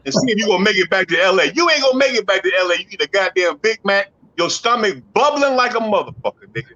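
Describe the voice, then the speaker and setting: A man doing a profane stand-up routine in a comedy club, loud and rowdy, slipping into acted-out voices. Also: high-pitched, lively intonation, fast talker, no echo, dull audio, faint music behind.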